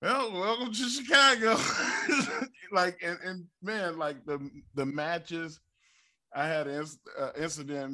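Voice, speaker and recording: A middle-aged man, a former wrestler and show co-host, telling stories in a lively, casual way. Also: mid-range voice. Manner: animated storyteller, acts out quotes with stammers and laughs. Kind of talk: casual storytelling.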